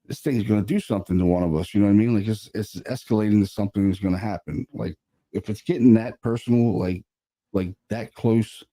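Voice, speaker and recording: A man, a paranormal investigator, casually telling a story about an investigation, animated and sprinkled with swearing and fillers. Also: lowish voice, brisk.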